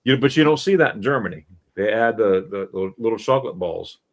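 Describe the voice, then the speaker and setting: A middle-aged man hosting a casual live stream, telling animated stories and quizzing his listeners as he goes. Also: fairly low pitch, brisk. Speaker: host.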